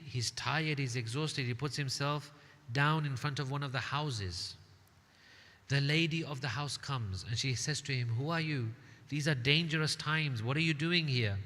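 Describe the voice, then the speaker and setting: Australian male shaykh, bright forceful tone, dramatic sermon storytelling, echoing hall. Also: medium pitch. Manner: dramatic storytelling with rising emotional peaks. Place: community hall. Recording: long reverb of a hall.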